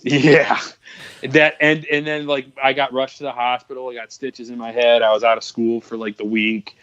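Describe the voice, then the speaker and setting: A man of middle pitch chats casually and swears easily. His mic sounds dull and lo-fi, and the sound is dry and close. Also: little pitch movement, moderate pace, a bit bright, clean tone, dry recording. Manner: laid-back, profane. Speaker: podcast co-host. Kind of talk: casual chat.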